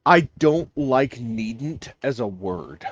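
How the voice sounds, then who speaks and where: Man, game master, lively swooping delivery, dull lo-fi dry sound. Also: mid-range voice, no echo. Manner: lively, halting explanations with many fillers. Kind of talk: narrating a tabletop game.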